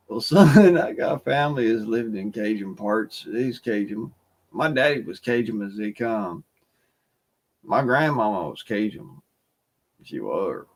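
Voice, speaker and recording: A man with a Southern US accent chatting casually on a livestream, folksy and rambling, laughing often. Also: lowish voice. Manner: folksy drawling storyteller, laughs often, mumbles some words. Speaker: livestream host.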